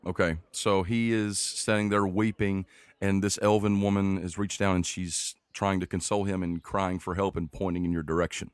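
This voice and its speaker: A man's voice: low voice, flat delivery, normal speed, smooth, dry recording. A man running a tabletop game as game master, narrating the scene in a playful, teasing way.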